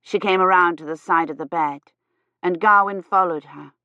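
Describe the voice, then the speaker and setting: A woman narrating an audiobook in a measured, unhurried reading. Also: fairly low pitch, no echo. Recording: slightly dull, dry audio.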